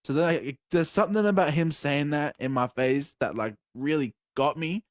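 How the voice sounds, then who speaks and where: A man's voice: a little high, normal speed, no room sound, clean studio sound. Swearing young man telling a story. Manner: animated, swears freely, laughs and shouts mid-story. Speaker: podcast co-host. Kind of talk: casual storytelling chat.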